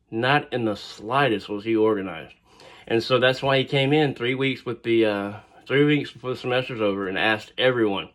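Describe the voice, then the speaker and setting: A man of middle pitch tells a personal story in a loose, conversational way. He wanders into side remarks and fills his pauses with "uh" and "um". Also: a bit bright. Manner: rambling, digressive, with fillers. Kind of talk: casual spoken storytelling.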